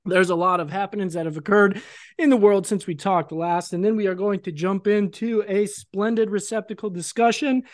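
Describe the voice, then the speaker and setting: A man's voice: high-pitched, steady tone, moderate pace. A man co-hosting a casual podcast chat, rambling and joking and often laughing. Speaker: podcast co-host.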